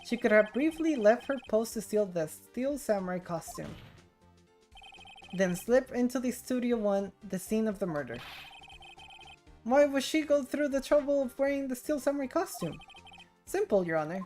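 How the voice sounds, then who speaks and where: A woman's voice: fairly high pitch, expressive, moderate pace, dark tone, soft background music, close to an everyday voice. A woman reading the lines of a confident young male defense lawyer in a courtroom game.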